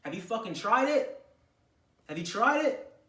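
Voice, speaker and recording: A man's voice: sits high, sing-song, measured pace, bright, forceful tone, distant mic. Brief: man, blunt profane lecturer, camera mic set back in an echoey room. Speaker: vlogger giving gym advice. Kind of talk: unscripted talking-to-camera rant.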